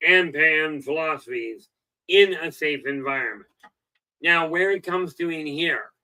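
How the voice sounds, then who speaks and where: A man's voice: fairly high pitch, pushed and bright, low-quality recording. A middle-aged man hosting a self-help livestream, rambling in a folksy way with lots of "okay" and "you know," and telling jokes. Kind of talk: casual livestream talk.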